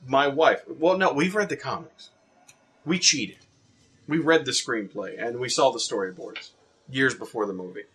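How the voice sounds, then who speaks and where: A man's voice: mid-range voice, expressive, moderate pace, fairly bright tone, slight background noise. A man co-hosting a casual movie podcast, giving blunt, opinionated takes. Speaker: podcast co-host. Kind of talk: casual chat.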